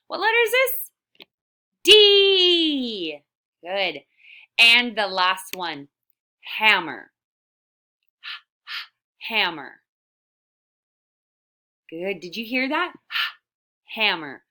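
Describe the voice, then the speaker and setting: Teacher lady doing a phonics lesson for little kids, talks real slow, stretches out the sounds, lots of "good". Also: mid-range voice, pushed and bright. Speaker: early-years teacher. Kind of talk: recorded phonics lesson for young children.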